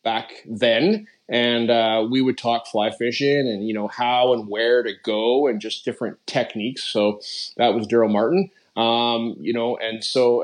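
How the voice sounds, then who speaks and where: A middle-aged man, a podcast guest talking casually and rambling with many fillers. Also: mid-range voice. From Canada. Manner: rambling, lots of "you know" and "like" fillers. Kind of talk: casual conversational interview.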